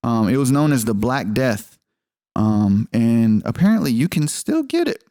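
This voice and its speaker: A man's voice: mid-range voice, big pitch swings, unhurried, mellow, dry recording, studio quality. A man co-hosting a podcast, telling rambling stories in casual chat, swearing freely and acting out what people said. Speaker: podcast co-host.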